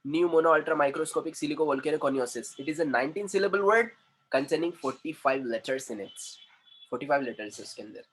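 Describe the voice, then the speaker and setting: A man's voice: fairly high pitch, a bit bright, slightly rough. A man teaching a grammar lesson in a classroom, repeating words and stretching out syllables, switching into Hindi. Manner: repetitive, drawn-out spelling of syllables, mixes in Hindi. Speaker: communication trainer.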